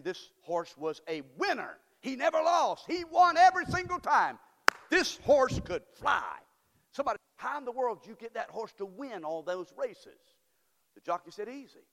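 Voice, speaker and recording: A man's voice: high voice, a bit bright, long reverb tail. An older man preaching a sermon as pastor, with emphatic, rising delivery and folksy asides. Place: church sanctuary.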